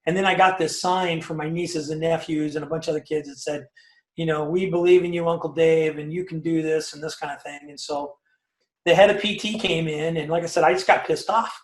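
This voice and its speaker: A man's voice: on the high side, fairly even intonation, a little fast, reverberant. A man in his fifties telling his own story as an interview guest, talkative and emphatic, with many fillers and tag questions. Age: 50s. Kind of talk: personal story in a casual interview.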